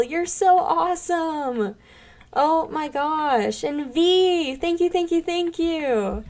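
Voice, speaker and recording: A woman's voice: high-pitched, expressive, slow. A young woman streaming a game, chatting casually and gushing thanks to her viewers. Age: young adult. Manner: bubbly, gushing thanks to chat. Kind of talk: casual live-stream chat while gaming.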